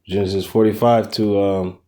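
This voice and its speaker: Guy with a dark mellow voice riffing on bible verses, cussing, slangy. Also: lowish voice, normal speed. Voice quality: profane, slangy, animated commentary. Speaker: bible study leader. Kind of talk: casual bible study discussion.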